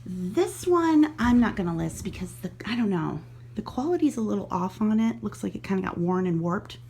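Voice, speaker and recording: A woman's voice: medium pitch, sing-song, normal speed, mellow, slight background noise. A middle-aged woman vlogging casually from home, chatting and thinking aloud as she handles items she resells online. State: out of breath. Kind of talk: casual vlog chat.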